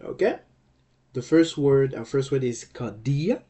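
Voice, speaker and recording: A man teaching a language lesson, explaining step by step in a deliberate way, often rephrasing himself and adding fillers. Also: mid-range voice, dark tone.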